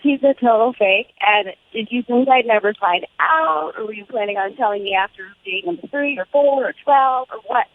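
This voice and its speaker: A woman's voice: a little high, moderate pace, few pauses. An American woman calling in by phone, indignant and accusing. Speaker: caller. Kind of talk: casual phone chat. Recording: tinny phone line.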